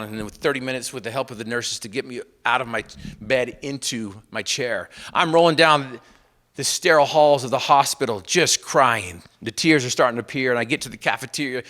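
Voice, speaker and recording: A man giving a motivational speech to an audience, telling a personal story with repeated refrains and swinging from loud emphatic bursts to hushed lines. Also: mid-range voice, expressive, a little fast. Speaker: motivational speaker.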